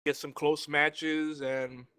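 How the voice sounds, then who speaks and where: A man talking casually as a guest on a round-table gaming show while eating, his talk rambling and relaxed. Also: a little high, slow, clean tone. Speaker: guest panelist.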